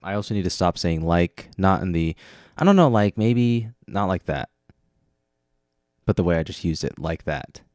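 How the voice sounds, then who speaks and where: Male solo podcast host, deep voice, dry close sound, tired and rambling, pokes fun at himself. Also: moderate pace, darkish tone, dry recording. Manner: rambling and self-mocking. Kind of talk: casual solo monologue.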